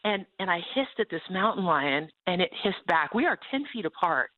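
A woman's voice: on the low side, big pitch swings, moderate pace, dry recording. A woman guest telling a personal story and then preaching with fervor, heard over a phone line. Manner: fervent, preaching. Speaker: guest author. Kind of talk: testimony with a sermon-like call.

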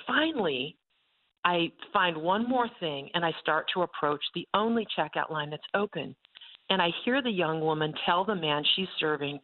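A woman who runs a ranch ministry, telling a faith testimony in an animated way and acting out the voices of the people in her story. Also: on the low side. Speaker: ranch ministry leader and speaker. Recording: tinny phone-like sound.

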